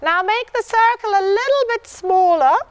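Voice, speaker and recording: Coaching a dressage rider live, this clinician has a very high, light voice and an expressive, warm but focused style. She talks in encouraging bursts at a moderate pace, repeating "yes" and singing out the horse's rhythm, with no room sound.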